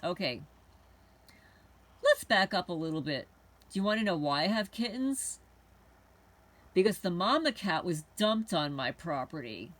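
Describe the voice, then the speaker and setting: A woman's voice: lowish voice, big pitch swings, unhurried, pauses often. A woman hosting a homesteading channel, talking to camera in a heated, indignant monologue and swearing now and then. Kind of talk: rambling angry monologue to camera.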